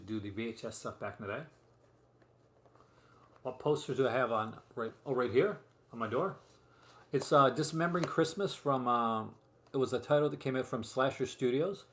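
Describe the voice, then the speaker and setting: A man with a mid-range, slightly bright voice runs a relaxed live stream from a room in his home, presenting movie releases on physical media. He rambles chattily, full of fillers and asides, and the recording has a roomy echo with faint room noise.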